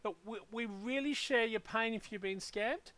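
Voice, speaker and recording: A man's voice: sits high, normal speed, bright, forceful tone. A man hosting a gaming channel, ranting heatedly in casual podcast talk with lots of profanity.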